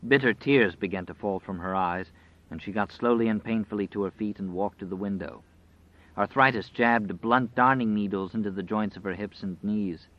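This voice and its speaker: A man narrating an audiobook in a measured, dramatic storytelling manner. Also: fairly low pitch. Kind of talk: scripted narration. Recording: dry, slightly dull recording.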